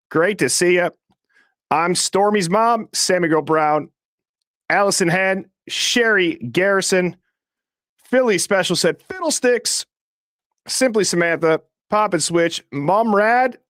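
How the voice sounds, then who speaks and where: Male stream host, slightly high-pitched, dry close mic, rapid easy patter reading viewer names. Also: dry recording. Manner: fast, casual, shouting out names in quick succession. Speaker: host of a live call-in show.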